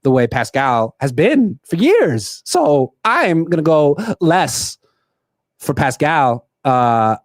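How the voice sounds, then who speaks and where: A man putting on a celebrity actor impression while making sports betting picks, with drawn-out, halting phrasing. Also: fairly high pitch, big pitch swings, no room sound. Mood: deadpan.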